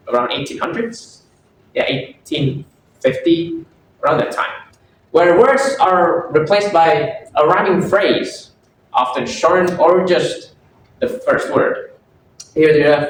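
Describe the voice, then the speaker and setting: A young man giving a class presentation, halting, with many fillers and self-corrections. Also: a little high, a little hiss or hum. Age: young adult. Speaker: student presenter. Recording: echoey room, far from the mic.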